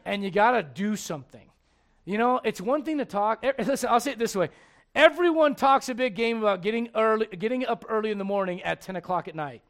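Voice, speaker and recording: A male pastor with a notably high voice delivers a lively sermon. He jokes with the congregation and slips into acted-out voices, animated throughout. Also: fairly quick. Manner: animated, joking, acts out voices.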